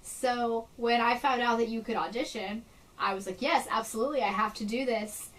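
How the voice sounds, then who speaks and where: A bubbly young woman talks excitedly to the camera from her bedroom, gushing and eager. Her voice sits a little high and comes from slightly back from the camera mic. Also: moderate pace, far from the mic, poor audio. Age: young adult. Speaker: vlogger. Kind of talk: casual chat to camera.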